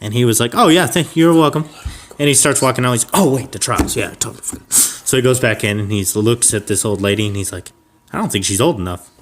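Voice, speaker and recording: A man improvising a comic story on a podcast, rambling with fillers and restarts, and jumping to a shrill falsetto for old ladies. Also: fast talker, background noise. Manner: rambling, with fillers and self-corrections. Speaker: podcast co-host.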